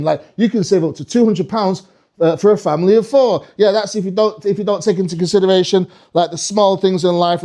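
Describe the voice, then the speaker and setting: A man's voice: sits high, mellow. A man doing a live stand-up routine on a comedy club stage, rambling, swearing and talking to the crowd.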